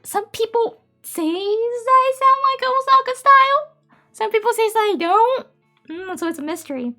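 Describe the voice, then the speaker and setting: A woman's voice: extremely high pitch, expressive, measured pace, bright, forceful tone, soft background music. A woman from Japan, a native Japanese speaker with a Japanese accent, chatting casually on a live stream and reading out viewer messages in a giggly, cutesy way.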